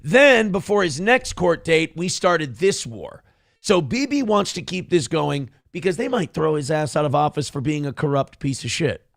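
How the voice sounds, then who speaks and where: A male host rants through political news with biting sarcasm and lots of profanity. His voice sits fairly high for a man and has a gravelly rasp. The sound is dry and close, with no room around it. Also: lively intonation, moderate pace, fairly bright tone, no room sound. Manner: sarcastic, ranting and heavy on profanity. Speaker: show host.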